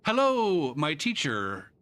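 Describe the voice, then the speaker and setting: A man's voice: on the high side, expressive, pushed and bright, voice pushed up. A man voicing an earnest young male student who reads out a stiff, overly polite email. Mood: earnest pleading. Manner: stiff, overly polite phrasing read slowly.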